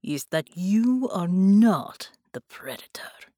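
A woman voicing a menacing male captor who speaks in a slow, hushed, breathy whisper. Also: medium pitch, very animated, no room sound, studio quality.

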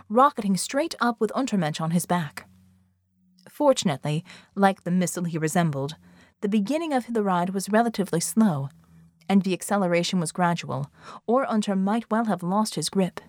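A woman narrating an adventure audiobook in a steady, even storytelling manner. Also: mid-range voice, no echo, studio quality. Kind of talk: scripted narration.

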